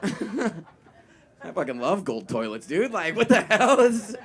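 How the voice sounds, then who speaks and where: A man's voice: on the high side, very animated, normal speed, fairly bright tone. A young man performing a stand-up set, telling a loose, rambling story full of fillers and swearing. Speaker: stand-up comedian. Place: live comedy venue with audience. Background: audience laughter.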